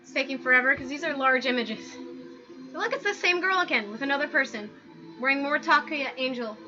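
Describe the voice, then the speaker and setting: A woman hosting a casual commentary video, talking through pictures in an animated, exasperated rant full of "like". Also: high-pitched, a little fast. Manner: animated, exasperated ranting with frequent "like". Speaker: video host. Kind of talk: casual commentary over images. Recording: dull lo-fi sound with background music.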